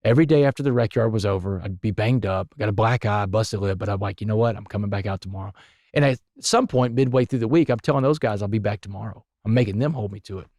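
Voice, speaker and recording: Guy on a podcast, telling his story quick and punchy, dry close sound. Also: fairly low pitch, no room sound. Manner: animated, emphatic storytelling. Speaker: podcast guest. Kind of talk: storytelling interview.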